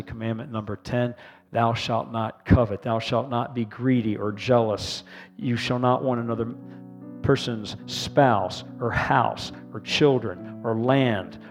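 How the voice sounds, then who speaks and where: A man, a pastor, leading an earnest sermon prayer, calling the congregation to repeat responses after him. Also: mid-range voice.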